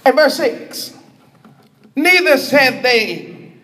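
High-pitched guy preaching slow, sounding, drawing out every line to the church. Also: sing-song, bright, forceful tone. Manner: emphatic preaching, addresses congregation as y'all. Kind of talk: sermon.

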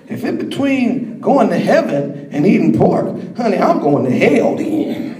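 A man preaches with a very high voice and a slow, deliberate pace. He swings between dramatic shouts and mocking asides. The echo of a large room hangs on every word. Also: sing-song. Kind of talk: sermon.

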